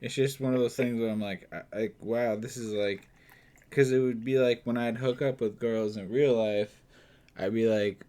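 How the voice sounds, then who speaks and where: A man co-hosting a casual podcast, speaking in halting, crude bursts with many restarts. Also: mid-range voice, fairly even intonation, dark tone. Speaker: podcast co-host.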